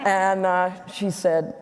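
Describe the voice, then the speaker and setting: Candid woman in her 60s, echoey hall. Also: medium pitch. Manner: candid, self-correcting, humorous storyteller. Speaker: guest speaker. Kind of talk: onstage conversation with anecdotes. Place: event hall.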